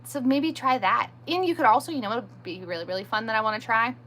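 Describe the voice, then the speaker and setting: Hosting a live stream, a woman chats casually, answering viewer comments as they arrive, poking fun at herself and staying firm with pushy viewers. Her slightly high voice is expressive, fast and a bit bright, with slight background noise.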